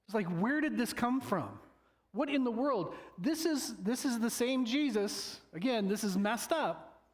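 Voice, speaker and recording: A man's voice: very high voice, animated, a little slow. A male pastor preaching a sermon in a loose, conversational way, joking with the congregation and acting out quoted voices. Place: church sanctuary.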